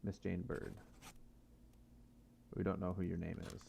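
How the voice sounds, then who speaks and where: Gravelly low-voiced man thinking aloud. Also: flat delivery, a little slow, mellow, a little hiss or hum. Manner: muttering and reasoning aloud to himself. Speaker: gamer playing a mystery game. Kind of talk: casual let's-play commentary.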